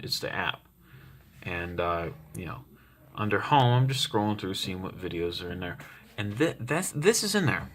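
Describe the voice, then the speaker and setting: A man's voice: low-pitched, bright, forceful tone, a little hiss or hum. A man giving an opinionated, rambling monologue at home as a commentary vlogger, often wandering into asides. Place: home, roommate nearby.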